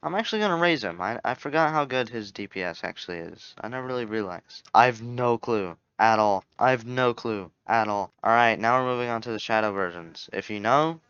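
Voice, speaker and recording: A man's voice: mid-range voice, animated, fairly quick, hardly any pauses, a bit bright, clear, resonant tone, no echo. A young man giving casual, rambling commentary on a game tier list, often correcting himself and joking. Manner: rambling, self-correcting, jokey. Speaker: gaming YouTuber. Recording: dull lo-fi home mic.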